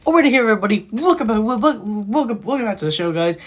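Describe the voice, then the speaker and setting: A hoarse man hosting a reaction video, rambling casually with many fillers and restarts. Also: sits high, expressive, fast talker.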